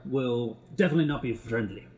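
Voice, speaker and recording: A man narrating a tabletop game as game master in a relaxed, improvised way. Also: mid-range voice, fast.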